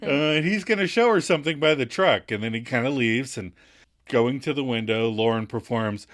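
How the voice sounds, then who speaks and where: A man co-hosting a podcast, recapping an episode in casual chat, laughing often and getting animated when he quotes lines. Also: medium pitch, moderate pace. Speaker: podcast co-host.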